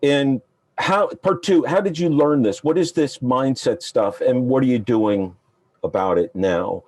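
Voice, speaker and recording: A man's voice: mid-range voice, a little slow, a little mellow. A man hosting an interview, asking his questions in a playful, teasing way. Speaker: interview host. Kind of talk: casual interview.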